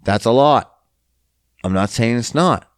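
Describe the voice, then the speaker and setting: Profane ranting man, slow animated delivery. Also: mid-range voice, clean tone, no room sound, studio quality. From Canada. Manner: profane, exasperated, mocking. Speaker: podcast host. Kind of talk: casual solo rant.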